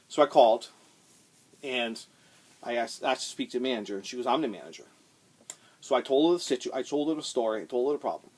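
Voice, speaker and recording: A middle-aged man rants straight to the camera in a casual vlog, his voice sitting in a plain middle pitch. He curses freely and keeps circling back over the same points, stumbling and restarting as his temper rises. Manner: heated, swearing, repeats himself. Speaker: channel host.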